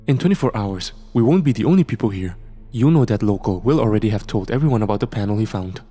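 A man's voice: lowish voice, expressive, fast, warm tone, faint music behind. A man voicing a determined young woman archaeologist who talks eagerly and insistently.

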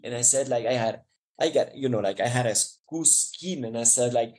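A man's voice: mid-range voice, a little fast, rough recording. A man from Ecuador with a Spanish accent, a mountain guide telling an emotional story as an interview guest, restarting phrases often. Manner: warm, emotional, frequent restarts and laughs.

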